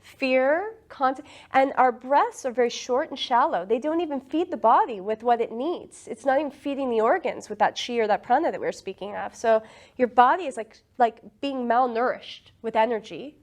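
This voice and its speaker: A woman teaching a group about breathing and meditation in a relaxed, chatty way, often laughing. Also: on the high side, normal speed. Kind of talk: casual teaching talk to a group.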